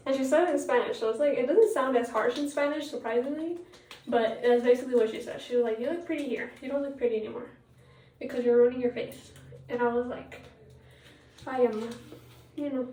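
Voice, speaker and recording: A woman's voice: fairly high pitch, noisy background. A teenage girl chatting casually while getting ready, rambling with lots of fillers and retelling what others said. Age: teens. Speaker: vlogger. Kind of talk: casual get-ready-with-me chat. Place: home bathroom. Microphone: tablet propped a little far away. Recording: echoey bathroom, mic at a distance.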